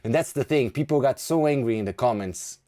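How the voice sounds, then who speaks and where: Mellow-voiced man streaming live. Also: medium pitch, a little fast. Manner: chatty and self-deprecating, laughing between thoughts. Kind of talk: casual live-stream chat.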